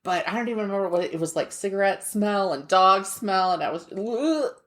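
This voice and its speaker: A woman's voice: medium pitch, lively intonation, fairly quick. A woman co-hosting a podcast in casual chat, chatty and frank with a wry edge. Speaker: podcast co-host.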